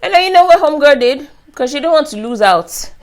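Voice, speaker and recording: A woman's voice: high voice, animated, a little fast. A young woman reviewing a reality show in a casual, chatty recap full of slang. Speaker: YouTube reviewer.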